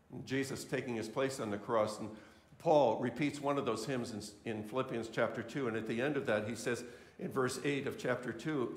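A male pastor giving an earnest sermon to a congregation, repeating key phrases for emphasis. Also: mid-range voice. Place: church sanctuary. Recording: echoey church room.

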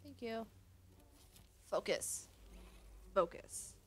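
A woman gives unhurried, casual commentary on her own gameplay. Her pitch swings up and down a lot as she mutters to herself, and she swears whenever a move goes badly. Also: animated. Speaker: gaming channel host.

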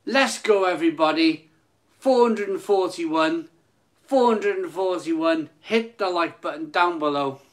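A man's voice: sits high, a little slow. A man hosting a casual live stream from his phone, repeating phrases and stumbling over words. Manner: excited hyping, then soft and emotional.

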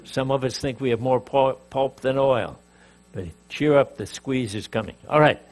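A man's voice: medium pitch, moderate pace. An older man from Canada teaching a sermon, emphatic, rising and dropping in volume, with asides and jokes to his audience. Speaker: preacher.

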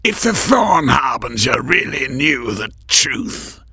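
A man voicing a menacing masked assassin in an audiobook, with a growling, raspy, half-whispered delivery. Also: mid-range voice, sing-song, takes it slowly, sharp tone, no echo, pitched above the performer's own voice, exaggerated voice. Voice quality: growling rasp. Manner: taunting, hissed and half whispered.

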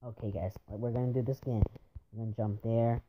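A man's voice: medium pitch, fairly even intonation, brisk. Frustrated young man gaming, lo-fi mic. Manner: frustrated, keeps exclaiming and groaning at the game. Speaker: gamer. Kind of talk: gaming commentary. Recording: dull lo-fi home mic with faint hiss.

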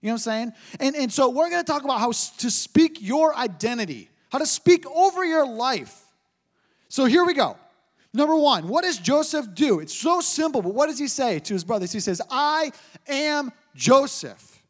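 A man's voice: very high voice, fairly quick. A man in his thirties preaching a sermon, joking and telling stories as he teaches. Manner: animated, joking storyteller. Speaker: pastor. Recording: preached in a hall with long reverb.

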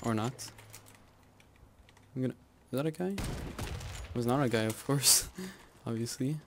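A young man gives live commentary over his own gameplay, talking slowly and rambling between plays. He laughs and yells at the game at times. Faint noise sits behind his voice. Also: medium pitch. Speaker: gaming channel host.

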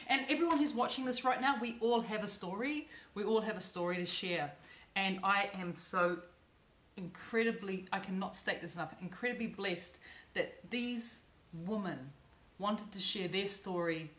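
A woman's voice: medium pitch, normal speed, fairly bright tone, echoey room, a little hiss or hum. A middle-aged woman hosting a live cooking channel video, effusive and emotional, repeating words for emphasis.

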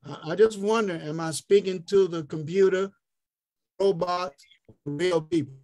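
Slow, deliberate man teaching online. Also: sits high, a little mellow, no echo. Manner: slow, repeats and spells out words. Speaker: health ministry speaker. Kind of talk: interactive online teaching talk. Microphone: online call.

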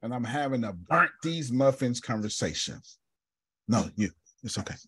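A man's voice: mid-range voice, lively intonation, moderate pace, a bit bright, slightly rough, dry recording. A man teaching a group on a video call, blunt and joking, calling on listeners by name. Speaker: teacher and coach. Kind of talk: lively teaching session with a group.

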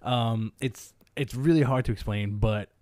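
A man's voice: mid-range voice, a little slow, a little mellow, no room sound. A man co-hosting a casual comic book podcast, talking enthusiastically and rambling with lots of fillers. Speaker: podcast co-host.

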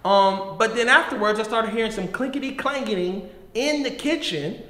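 A man in his thirties, a middle school pastor, giving a casual youth sermon in slangy, animated storytelling style. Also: high voice, moderate pace. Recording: echoey room with long reverb.

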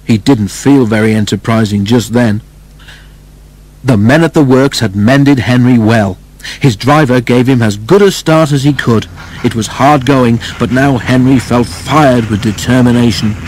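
Husky man reading a storybook. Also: medium pitch, unhurried, rough recording. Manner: steady, even narration. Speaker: narrator. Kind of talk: storybook read-aloud.

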